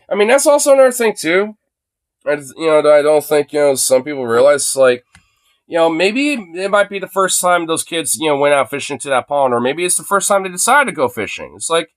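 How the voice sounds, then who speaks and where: A man's voice: medium pitch, animated, brisk. A man ranting casually on a live stream into a phone, rambling with lots of fillers and swearing.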